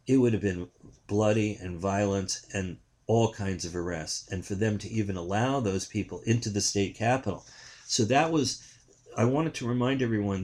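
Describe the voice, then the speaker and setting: A man's voice: on the low side, darkish tone. An older man, a journalist, giving indignant political commentary in a rambling way, with frequent restarts.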